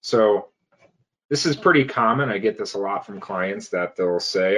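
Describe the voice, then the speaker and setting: A health coach giving casual advice, pausing often with fillers and restarting phrases. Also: male voice, lowish voice. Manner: hesitant, many fillers and restarts.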